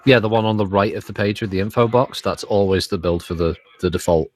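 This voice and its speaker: A man's voice: lowish voice, quick pace. A man bantering and teasing teammates in a gaming voice chat. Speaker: gamer in a team voice chat.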